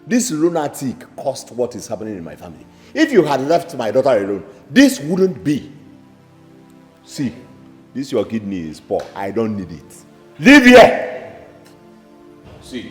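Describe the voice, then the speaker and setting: A man's voice: medium pitch, natural voice. An actor playing an enraged Nigerian father. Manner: shouting, scornful, heated. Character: furious middle-aged father, hostile and insulting. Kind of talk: film drama dialogue. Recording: reverberant room with background music.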